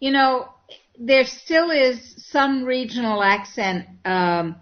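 A woman's voice: high voice, expressive, slow, highs cut off. A woman hosting a casual online talk show, effusive and elaborate in her phrasing. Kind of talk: casual chat.

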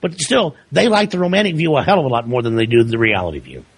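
A man's voice: medium pitch, lively intonation, fast, slightly rough. A man speaking as a guest in a casual political chat, emphatic and driving his point.

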